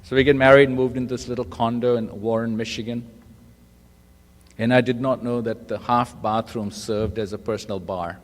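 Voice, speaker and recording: A man's voice: mid-range voice, fairly even intonation, normal speed. Self-mocking male speaker sharing his story at a meeting, recorded live with hall echo. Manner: self-deprecating storyteller, acts out quoted voices. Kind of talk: humorous personal testimony. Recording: live talk in a reverberant hall.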